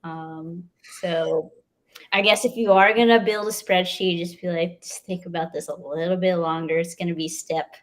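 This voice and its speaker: A woman with a slightly low voice co-hosting a casual live chat. She is relaxed, laughs often and lets sentences trail off. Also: moderate pace.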